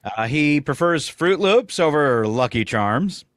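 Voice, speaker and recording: A man hosting a radio morning show, joking and reading gags with fillers and pauses. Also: a little high, animated, a bit bright, dry recording. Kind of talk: casual radio banter. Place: radio studio. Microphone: studio microphone.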